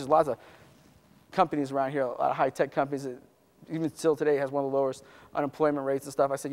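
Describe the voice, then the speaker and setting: A man telling a joking, animated story as a motivational speaker to a live audience. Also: medium pitch, fast. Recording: echoey hall.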